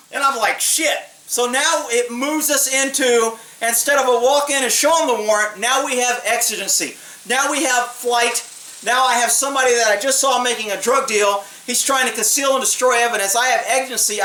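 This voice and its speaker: Blunt, profane cop telling a story. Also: male voice, very high-pitched, sharp tone. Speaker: police officer telling a story. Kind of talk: casual storytelling. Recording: roomy distant mic, faint hiss.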